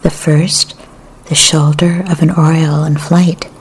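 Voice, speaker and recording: A woman reading poetry and memoir aloud in a soft, often half-whispered, measured way. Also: low-pitched, little pitch movement, husky. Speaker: literary reader.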